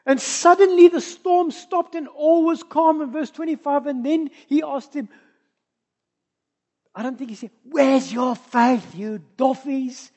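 A woman's voice: sits high, a little slow. South African woman preaching with surging emphasis. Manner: swings between soft asides and loud emphatic passages. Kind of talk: sermon.

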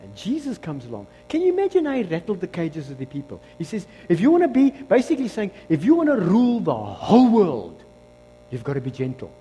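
A man with a South African accent preaching a sermon as pastor, switching between loud exclamations and quiet asides. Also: high voice, fairly quick, breathy edge, big-room sound. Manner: animated preaching, shifts between shouting and hushed asides.

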